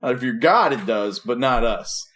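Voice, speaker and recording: A man's voice: medium pitch, lively intonation, normal speed, a bit bright. A man co-hosting a casual podcast over a call, rambling and joking, often trailing off mid-sentence. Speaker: podcast co-host. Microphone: remote video call.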